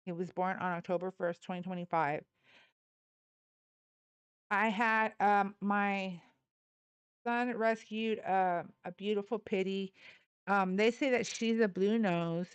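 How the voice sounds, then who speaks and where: A woman hosts a livestream of casual chat, rambling, laughing often, swearing casually and cooing baby talk at her dogs. Her mid-range voice is steady and clean, and she speaks slowly with long pauses and no room sound.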